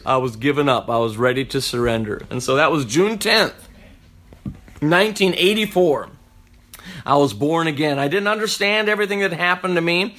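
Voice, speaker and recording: A man giving a personal conversion testimony in a reflective, unhurried way, often restarting his sentences. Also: a little high, a bit bright.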